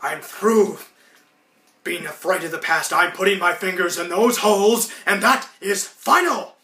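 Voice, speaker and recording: Blustering cartoon wolf, shrill and shouty, put on by a man, bright and roomy. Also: measured pace, recorded from a distance, a little hiss or hum, heavily acted. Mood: bellowing. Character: blustering, hot-tempered middle-aged male cartoon wolf. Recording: roomy echo.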